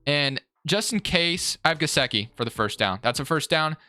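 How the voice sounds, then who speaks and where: Bright, crisp-voiced young man commentating gameplay. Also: fairly high pitch, moderate pace, no room sound. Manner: excitable, swings between frustrated and hyped. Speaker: gaming YouTuber.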